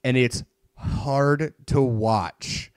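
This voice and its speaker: A man's voice: medium pitch, extremely slow, clean tone, no echo. Man, casual chat, rambling, fillers and restarts, dry recording. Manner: rambling, many likes and restarts. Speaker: podcast co-host. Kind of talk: casual chat about anime.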